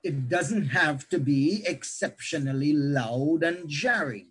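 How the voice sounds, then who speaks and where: A man, himself a pastor, lecturing other pastors on how to preach, with animated teaching that shifts pace and loudness. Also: fairly high pitch, slow, breathy edge, low-quality recording.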